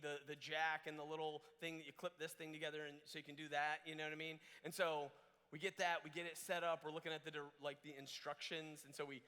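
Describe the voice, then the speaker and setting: A young man telling a funny story in a youth camp sermon, animated and jokey, acting out what people said. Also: fairly high pitch. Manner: animated, jokey, acts out quotes in different voices. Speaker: camp speaker. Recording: echoey hall reverb.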